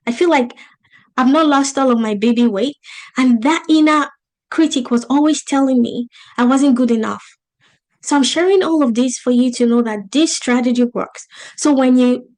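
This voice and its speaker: Woman business coach, non-native English accent, slightly high pitch, emphatic motivational delivery over a video call. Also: a little mellow. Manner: motivational, emphatic, rhetorical questions. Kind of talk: webinar teaching.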